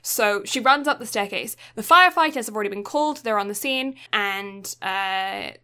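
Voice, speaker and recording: A woman's voice: mid-range voice, expressive, normal speed, bright, forceful tone, clear, resonant tone. A young woman co-hosting a podcast, retelling a film's plot in a chatty, casual way with lots of fillers. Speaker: podcast co-host. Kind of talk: casual film recap.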